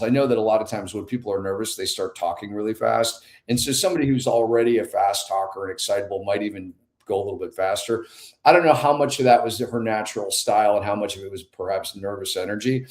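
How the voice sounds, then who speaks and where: A man in his fifties, a podcast guest, telling a story with lively acted-out dialogue. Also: fairly low pitch. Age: 50s. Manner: animated storyteller, acts out dialogue. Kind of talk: conversational storytelling. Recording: echoey room.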